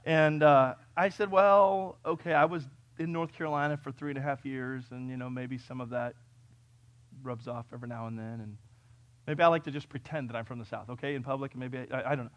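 A man from California preaching a sermon, reading scripture and telling stories, swinging between loud, urgent peaks and quiet, conversational asides. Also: medium pitch, steady tone, brisk, dry recording. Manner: conversational storytelling with fillers and restarts. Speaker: pastor.

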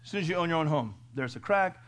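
A middle-aged man preaching a sermon in a folksy way, firing off rhetorical questions and swinging from loud to hushed. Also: fairly high pitch, lively intonation, quick pace. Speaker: pastor.

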